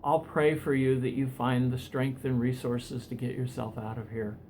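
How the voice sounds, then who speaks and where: A man voicing a gentle male minister who speaks softly and with compassion. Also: mid-range voice, level tone, a little hiss or hum, natural voice, rough recording. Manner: soft, measured, compassionate.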